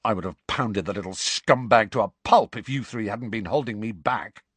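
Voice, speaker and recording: Sullen, aggressive teen lad, voiced by a male reader, pretty loud. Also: fairly low pitch, moderate pace, breathy edge, no room sound. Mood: angry. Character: surly, hot-tempered teenage boy.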